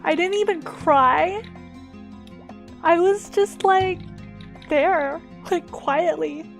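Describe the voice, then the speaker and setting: A woman streamer telling a personal story with emotional swings, many fillers and restarts, and sudden loud moments. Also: extremely high pitch, very slow, vocal fry, soft background music.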